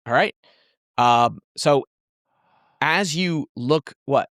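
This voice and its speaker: Guy gm rambling thru a scene, regular pitch, dry close mic. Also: extremely slow, fairly bright tone, no room sound. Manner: loose, rambling scene description. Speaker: game master. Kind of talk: narrating a tabletop game.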